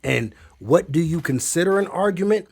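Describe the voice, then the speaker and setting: A man hosting an advice stream, interjecting with crude, animated comments. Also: on the high side, normal speed, vocal fry, husky. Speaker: host. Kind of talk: advice livestream chat.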